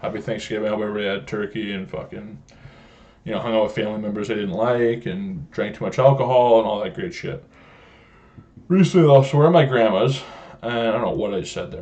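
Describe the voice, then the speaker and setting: A man's voice: fairly low pitch, a little mellow. A young man from Canada hosting a podcast, telling rambling stories in casual, heavily profane chat. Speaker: podcast host. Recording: slightly dull lo-fi sound.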